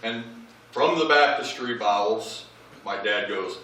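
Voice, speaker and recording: A man delivers a funny eulogy for his father, acting out the lines of each story. His voice is bright and forceful. It rings through a big echoey hall, heard from well back from the mic. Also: fairly low pitch, measured pace, far from the mic. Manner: animated comic anecdotes, acting out quoted lines. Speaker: eulogist, child of the deceased. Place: large memorial service hall.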